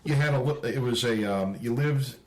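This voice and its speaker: A man's voice: medium pitch, normal speed, darkish tone. A man with a Baltimore accent hosting a podcast in a casual conversation, easygoing, with many backchannels and stammered starts. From Baltimore, Maryland. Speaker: podcast host.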